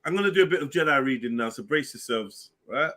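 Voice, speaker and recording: A man's voice: mid-range voice, expressive, fast talker, pushed and bright. A man hosting a casual live panel stream, bantering and teasing his guests. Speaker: stream host.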